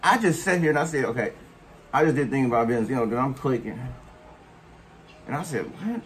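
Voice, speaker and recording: Male vlogger, mid-pitch voice, scolding and mocking rant style with faint music behind. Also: a little fast, a little hiss or hum. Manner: scolding, mocking, heavy slang and cursing. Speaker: commentary vlogger. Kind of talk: profane reaction rant.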